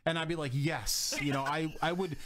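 A man's voice: a little high, steady tone, background noise. Rambling American man hosting a podcast. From United States. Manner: rambling, halting, many fillers and restarts. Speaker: podcast host. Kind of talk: casual interview chat.

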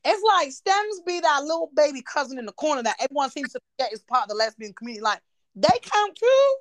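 A woman's voice: high voice, quick pace, no echo. A woman hosting a podcast, chatting casually and teasing her guests with plenty of swearing. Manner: animated, profane, teasing. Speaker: podcast host. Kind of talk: casual chat.

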